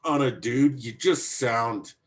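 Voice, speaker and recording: A man's voice: mid-range voice, slow pace. A man hosting a podcast in casual chat, talking in a brash, crude and provocative way. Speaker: podcast host.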